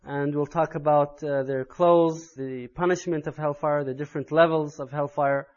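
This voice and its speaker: A man delivering an Islamic sermon in an earnest tone that builds to loud, urgent emphasis. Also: a little high, steady tone, normal speed, highs cut off. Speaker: Islamic preacher.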